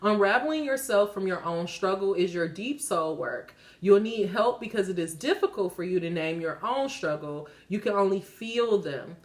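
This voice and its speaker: A woman's voice: medium pitch, expressive, moderate pace, few pauses. A woman hosting her own channel, giving a casual card reading to her viewers. She reads the cards aloud, breaks off to laugh and swear, and gets emotional. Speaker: tarot reader and channel host.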